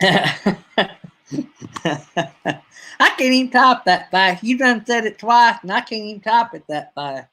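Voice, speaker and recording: A man's voice: sits high, a little slow, long pauses, bright, forceful tone. A man in his fifties from North Alabama with a Southern accent, rambling folksily in a casual live-stream chat with his viewers. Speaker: livestream host.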